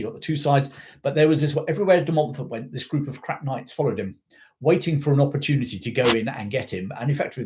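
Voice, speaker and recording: This history channel host, a middle-aged man brought up in South Africa, has a mellow-ish voice in the middle range. His live chat is loose and meandering, full of side topics and fillers.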